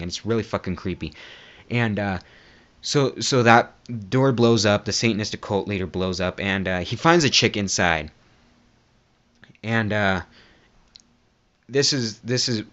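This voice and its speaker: Guy with a lowish voice rambling thru a movie recap, swears a lot, muffled lo-fi mic. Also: fairly bright tone. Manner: rambling, lots of fillers and restarts, swears freely. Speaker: movie reviewer. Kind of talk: casual spoken movie recap.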